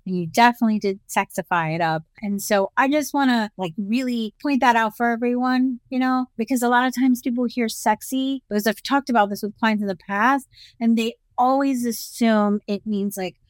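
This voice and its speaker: A woman co-hosting a podcast in casual chat, agreeable and quick to laugh, often answering in short replies. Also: on the high side, no room sound. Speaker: podcast co-host.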